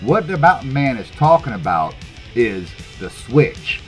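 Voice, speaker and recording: Animated swearing podcast man. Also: medium pitch, measured pace, soft background music. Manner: animated storyteller, swears freely, laughs often. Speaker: podcast co-host. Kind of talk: casual chat.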